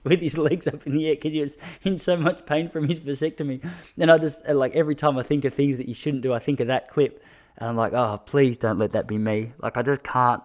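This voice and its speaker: A young Australian man hosting a podcast, telling casual stories with frequent laughs and self-mocking asides. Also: medium pitch. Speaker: podcast host. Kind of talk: casual solo storytelling.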